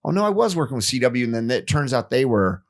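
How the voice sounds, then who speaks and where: A man's voice: mid-range voice, sing-song, quick pace. A man hosting a casual podcast, chipping in short reactions and memories. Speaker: podcast host.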